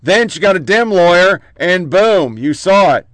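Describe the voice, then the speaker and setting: A man's voice: sits high, lively intonation, unhurried, a bit bright, dry recording. A man hosting a political commentary show, reading out headlines in short clipped bursts with profane, mocking asides.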